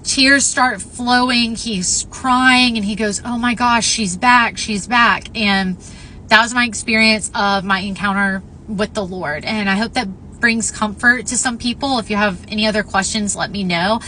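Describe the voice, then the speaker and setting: Young woman vlogger, bright forceful tone, earnest heartfelt storytelling, faint hiss behind. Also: mid-range voice, normal speed, poor audio. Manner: earnest, heartfelt retelling with fillers. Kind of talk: personal storytelling.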